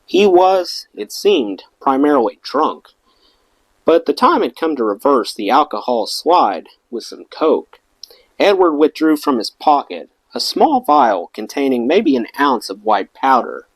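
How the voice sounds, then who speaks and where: A man's voice: medium pitch, big pitch swings, unhurried, no echo, low-quality recording. A man reading a rock memoir aloud as an audiobook, giving the quoted lines their own voices. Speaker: audiobook reader.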